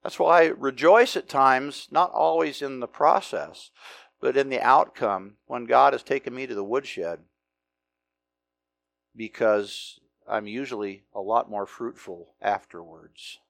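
A middle-aged pastor from the United States preaching a conversational, emphatic sermon full of rhetorical questions. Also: male voice, mid-range voice, measured pace, gravelly, fairly bright tone, no room sound.

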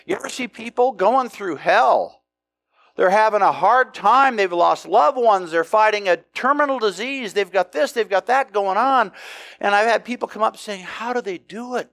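A middle-aged pastor from the United States preaching a conversational, emphatic sermon full of rhetorical questions. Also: male voice, high-pitched, fairly bright tone, no echo.

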